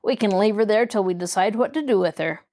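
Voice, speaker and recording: In an audiobook, a woman voices a reckless, sneering male riverman who kidnaps people, making him gruff and bossy. Her delivery is fast and medium-pitched with a dark tone, only lightly acted.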